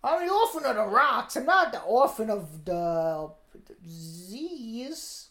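A crotchety ancient orphan of the rocks, as a woman puts on the voice, scolds and talks down in a put-on English accent. The voice sits high above her usual pitch. It rings in a roomy space. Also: sing-song, takes it slowly, a bit bright, heavily acted. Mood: cranky scolding. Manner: cranky, scolding, condescending. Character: crotchety two-hundred-year-old English orphan of the rocks.

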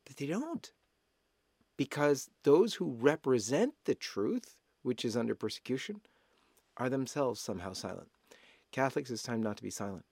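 A man's voice: medium pitch, gravelly, darkish tone, no room sound, studio quality. A man hosting a talk show, speaking in an emphatic, urging way. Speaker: host.

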